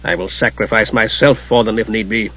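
A stern, grim god , as a male reader plays him, speaks gravely and firmly. The voice has a husky grain. The recording is muffled and lo-fi. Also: fairly low pitch, fairly even intonation, fairly quick, fairly bright tone. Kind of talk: audiobook character reading.

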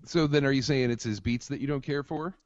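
A man's voice: mid-range voice, fast, a little mellow. A male interviewer asking wry, teasing questions in a casual chat. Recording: dull lo-fi audio.

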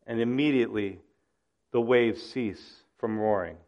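A man's voice: medium pitch, measured pace, a little mellow. Dramatic male preacher, dull recording. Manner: dramatic, acts out quoted voices. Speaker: pastor. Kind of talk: sermon.

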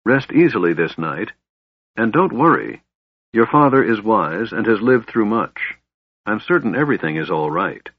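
Man voicing a gentle half-elf warrior. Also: fairly low pitch, sing-song, normal speed, slightly rough, dry recording, narrow, tinny audio, exaggerated voice. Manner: gentle, reassuring.

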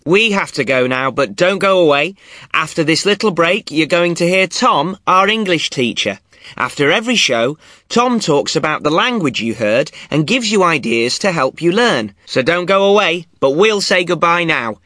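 Brief: a wry male podcast host, bright, lively pitch, dry close sound. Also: moderate pace, no room sound. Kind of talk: scripted podcast chat for learners.

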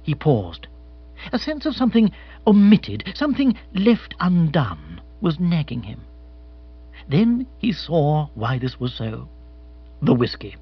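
A man reading a comic novel aloud as audiobook narrator, in an expressive, animated way. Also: a little high, slow, husky, dull audio.

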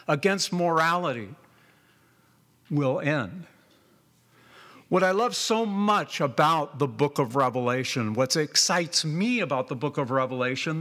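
Slow, emphatic preacher man. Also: high voice, sharp tone. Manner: emphatic, repeats phrases for weight; slow and deliberate, drawn-out phrases. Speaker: pastor. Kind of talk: sermon.

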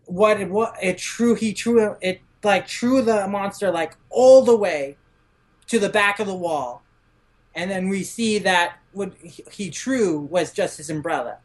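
Chatty woman, many fillers, acting out lines. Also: mid-range voice. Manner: many "like" fillers, acts out characters' lines in quick raised voices. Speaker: podcast guest. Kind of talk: casual manga recap.

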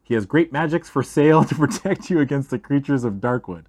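A man voicing a wounded, delirious old male dwarf warrior who shouts wildly, then fades to a weak whisper. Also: mid-range voice, expressive, a little fast, natural voice.

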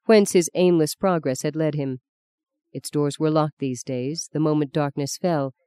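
Mellow, smooth audiobook narrator. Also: mid-range voice, no room sound. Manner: measured, even storytelling. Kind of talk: scripted literary narration.

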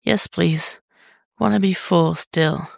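A needy young man who whimpers and pleads in a soft voice, as the reader puts him on. His voice is pitched higher and grainy. Delivery is slow and close. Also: creaky, no room sound, full character voice. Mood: pleading. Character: needy, soft-spoken young male lover.

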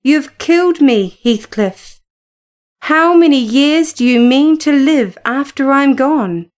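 A woman's voice: sits high, expressive, slow, darkish tone. A woman reading the lines of a feverish young woman on her deathbed, reproachful and desperate.

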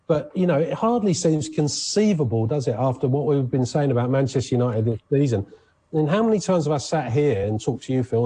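A man's voice: mid-range voice, warm tone, breathy edge. Chatty male radio sports presenter. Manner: chatty, rambling, frequent restarts. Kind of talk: casual radio sports chat.

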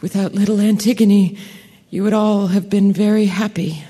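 An actress playing a frightened, defiant young woman in a radio play, speaking quietly and haltingly. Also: medium pitch, fairly even intonation, breathy edge, natural voice. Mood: resigned. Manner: quiet, halting, dictating a farewell. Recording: long hall reverb.

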